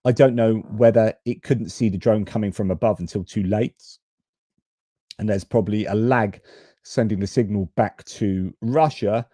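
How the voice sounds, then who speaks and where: A man's voice: fairly low pitch, normal speed, mellow, no echo, studio quality. A man hosting a live-stream news commentary, frank and exasperated, with casual swearing. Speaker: host.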